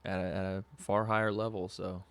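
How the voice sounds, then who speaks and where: A man's voice: deep voice, flat delivery, a little fast, creaky, smooth. A young man from Southern California hosting a podcast livestream, telling a rambling story with lots of fillers, on a webcam mic. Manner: laid-back, rambling with frequent fillers and laughs. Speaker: podcast host.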